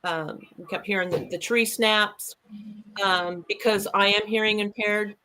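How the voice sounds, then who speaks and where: Brief: woman guest, mid-pitched, bright tone, rambling storyteller. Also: steady tone, a little slow, slight background noise, low-quality recording. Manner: earnest, rambling, with fillers and restarts. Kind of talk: casual storytelling of an encounter.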